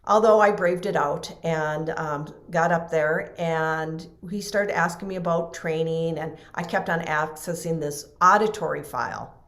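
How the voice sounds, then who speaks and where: A middle-aged woman tells a personal story as a guest on a podcast, and she slips into the voices of the people she quotes. Her voice sits a little low for a woman, and she laughs easily. The recording has a roomy echo. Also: measured pace, few pauses. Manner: animated, acts out quoted voices, laughs often. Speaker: podcast guest, NLP trainer.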